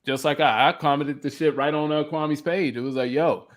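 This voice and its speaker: A man's voice: a little high, steady tone, fairly quick. A man co-hosting a podcast, ranting in a profane, heated way in casual chat. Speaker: podcast co-host.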